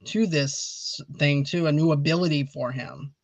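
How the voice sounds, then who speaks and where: Male podcast host, casual review chat, rambling and eager, fairly high voice, dull lo-fi sound. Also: fairly even intonation, measured pace, no room sound. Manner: rambling, eager, calls on viewers to comment. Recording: dull lo-fi audio.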